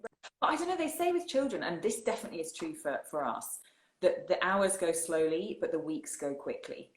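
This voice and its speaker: A woman's voice: fairly low pitch, animated. Laughing English woman in an echoey room. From England. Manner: chatty and laughing often, quick bursts. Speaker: guest. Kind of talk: casual chat. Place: home in the countryside.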